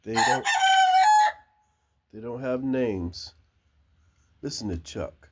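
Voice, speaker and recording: An older man, chatting slowly and fondly to his backyard chickens outdoors. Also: mid-range voice, very noisy. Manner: slow, drawling, talks fondly to the birds. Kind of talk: casual chat talking to his hens. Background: chickens clucking.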